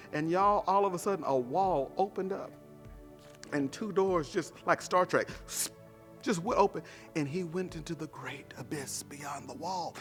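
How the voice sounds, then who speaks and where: A male pastor giving a short devotional sermon with lively, emphatic storytelling. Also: a little high, measured pace, soft background music.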